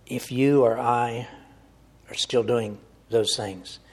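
A man's voice: mid-range voice, fairly even intonation, slow, husky. A man preaching a sermon, earnest and direct, addressing his listeners as folks.

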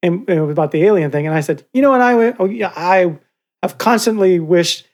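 A man's voice: sits high, a little fast, darkish tone. An older man co-hosting a podcast in casual chat, rambling, swearing freely and restarting his sentences often. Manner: rambling, profane, with frequent restarts. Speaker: podcast co-host.

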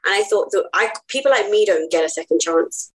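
A woman's voice: medium pitch, expressive, fairly quick, poor audio. A woman guest on a podcast, earnest and heartfelt as she tells her personal story. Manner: earnest, heartfelt, laughs easily.

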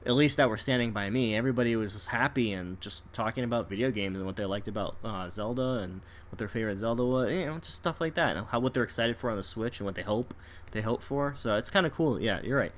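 A man's voice: on the low side, quick pace, a little hiss or hum. A man in casual chat telling a story with lots of energy, laughing and acting out the people in it. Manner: animated, laughs often, acts out people in quotes.

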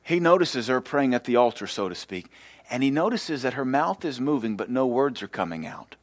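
A man preaching a sermon with impassioned, storytelling delivery that swells louder and higher. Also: lively intonation, moderate pace, dry recording. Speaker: pastor.

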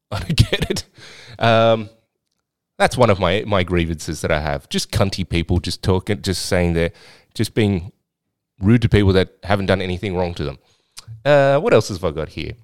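A man's voice: deep voice, clean tone, no room sound, studio quality. An Australian man hosting a podcast, telling a story in a rambling, blunt way with some swearing. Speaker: podcast host and swingers club owner. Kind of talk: casual storytelling chat.

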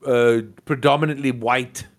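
A man's voice: mid-range voice, steady tone, normal speed. A man in casual chat on a podcast, talking animatedly with many fillers and restarts.

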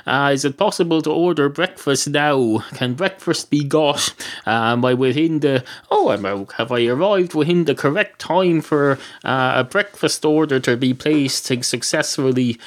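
A man plays a fussy talking cat at a fast-food counter, rambling and swearing in a raised, put-upon voice. The cat is sarcastic and easily offended, and it keeps talking on and on. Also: fairly high pitch, pitched above the performer's own voice, close to an everyday voice. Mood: indignant.

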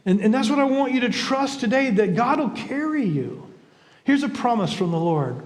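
A man's voice: high-pitched, very animated, normal speed, a little mellow. Earnest older male preacher in a reverberant hall. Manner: earnest, conversational preaching with repeated restarts. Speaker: pastor. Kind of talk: sermon.

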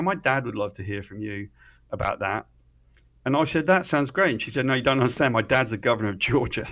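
A middle-aged man, an interview guest telling stories excitedly, swearing freely and often restarting his sentences. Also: medium pitch, slight background noise. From Britain. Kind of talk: animated storytelling in conversation.

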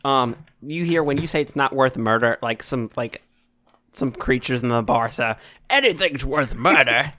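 A man narrating a tabletop game as game master, unhurried and quick to laugh. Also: medium pitch, steady tone, fairly bright tone, no room sound.

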